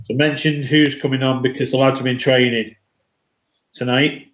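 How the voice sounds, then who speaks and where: A man co-hosting a radio show in casual chat, talking haltingly with many restarts and calling his co-host mate. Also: mid-range voice, fairly even intonation. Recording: dull, echoey sound.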